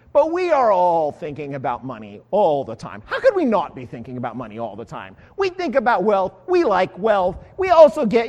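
A man preaching a sermon in a conversational, animated way, acting out the voices of the people he quotes. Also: high voice. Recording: long hall reverb.

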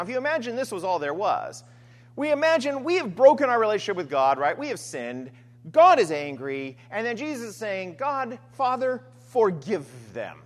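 Male pastor, sermon, chatty and animated, higher voice. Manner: conversational, frequent "right?" asides and restarts.

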